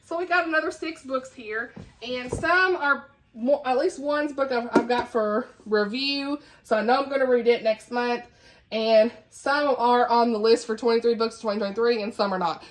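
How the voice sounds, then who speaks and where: A woman's voice: on the high side, moderate pace. A woman with a Southern US accent chatting casually as a book vlogger, laughing often and dropping folksy asides. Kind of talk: casual chat.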